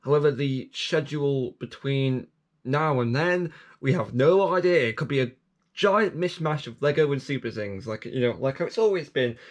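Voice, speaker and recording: A man's voice: mid-range voice, normal speed. A man talks his way through channel news and app reviews in a loose, rambling vlog. He restarts and corrects himself often and drops in self-mocking asides. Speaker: channel host.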